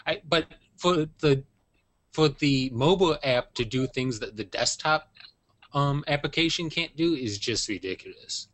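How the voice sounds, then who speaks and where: Male panelist, mid pitch, wry, halting. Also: fairly bright tone. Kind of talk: casual panel chat.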